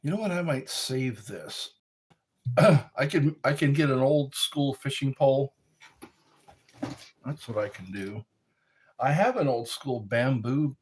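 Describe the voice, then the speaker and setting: A man's voice: slow pace, pauses often, husky. A middle-aged man hosting a casual livestream, rambling and reading chat messages aloud. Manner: rambling, reads chat aloud, breaks into high howls and quoted lines. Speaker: livestream host.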